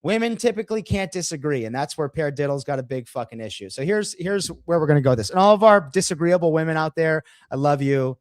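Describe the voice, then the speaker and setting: A man's voice: a little high, lively intonation, fast talker, hardly any pauses, no room sound. A man co-hosting a podcast, brash and profane, walking viewers through a video. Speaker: podcast co-host. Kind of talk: casual podcast discussion.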